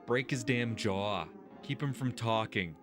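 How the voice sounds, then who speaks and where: Exasperated, cursing let's-play host. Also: male voice, medium pitch, a little slow, over music. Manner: exasperated, swears heavily. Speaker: gaming video host. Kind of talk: let's-play commentary, reading game text aloud.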